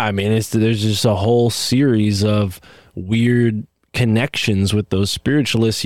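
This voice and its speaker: Male podcast host, lower register, dry close sound, rambling conversational delivery. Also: darkish tone, no echo. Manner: rambling, many asides and restarts. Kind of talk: casual conversation.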